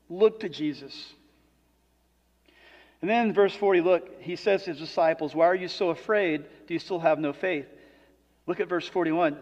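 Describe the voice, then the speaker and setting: A man delivering a sermon as pastor, moving between quiet reflective passages and loud, emphatic preaching. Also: high voice. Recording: dull sound with long hall reverb.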